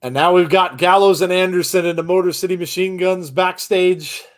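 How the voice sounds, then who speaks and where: A man co-hosting a live reaction commentary, excitable, laughing often and gushing with exclamations. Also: sits high, moderate pace. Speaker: co-host of a wrestling watchalong.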